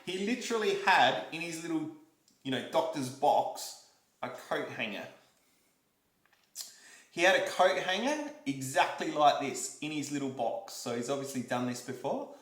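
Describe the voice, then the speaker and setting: A young Australian man vlogging, telling a story to camera in a lively, repetitive way and acting out what people said. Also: a little high, normal speed. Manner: animated, repeats himself, acts out quotes and demonstrations. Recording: roomy echo.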